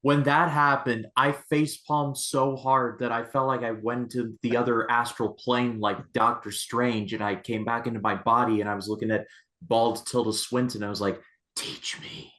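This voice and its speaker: A man hosting a casual chat podcast, an animated storyteller who acts out the scenes he describes. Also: medium pitch, normal speed. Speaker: podcast host.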